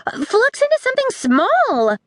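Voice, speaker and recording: A woman voicing a loud, bossy eighth-grade girl in a storybook, giving urgent orders. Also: extremely high pitch, wildly swooping pitch, normal speed, dry recording, studio quality, voice pushed up, heavily acted.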